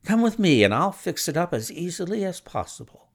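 A man voicing an eager, cheerful young male clerk who tells his story in an animated way. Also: sits high, a little fast, pitched above the performer's own voice, full character voice.

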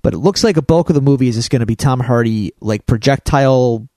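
A man co-hosting a podcast, talking in a rambling, animated way with many restarts. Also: medium pitch, quick pace, no room sound. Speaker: podcast co-host. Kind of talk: casual chat.

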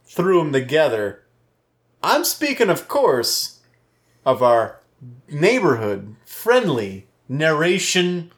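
A man co-hosting a podcast in casual, joking banter, playful and quick to swear. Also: on the high side, wildly swooping pitch. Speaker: podcast co-host.

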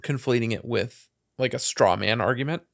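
A man's voice: mid-range voice, moderate pace, gravelly. A man co-hosting a casual talk show, mostly giving short replies and the occasional dry aside. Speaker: podcast co-host. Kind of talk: casual chat.

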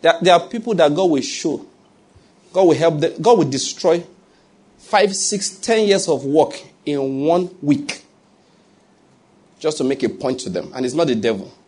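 Husky-voiced Nigerian pastor preaching. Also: male voice, fairly high pitch, expressive, unhurried, pauses often, darkish tone. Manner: preaches with rhetorical questions and humor. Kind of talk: sermon.

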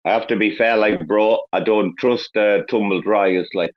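A man hosting a casual online audio chat, excitable and swearing a lot, hyping people up. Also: lowish voice, normal speed. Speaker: host. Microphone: online audio call. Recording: slightly dull online audio.

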